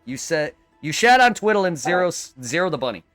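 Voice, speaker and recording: Guy streaming live, kinda high-pitched, ranting and cursing fast. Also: sing-song, a bit bright, no echo, soft background music. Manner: heated, profane, rapid-fire venting. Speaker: game streamer.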